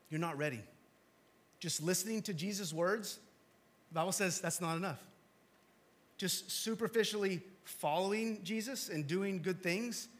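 Male pastor, high and bright tone, sermon delivery that swings between emphatic and hushed, conversational asides. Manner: conversational, with asides and small jokes. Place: church hall with congregation.

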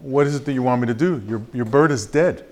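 A man's voice: medium pitch, darkish tone, natural voice. A man voicing a patient male veterinarian who firmly repeats bad news in a told joke. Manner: firm, repeated, slowing for emphasis.

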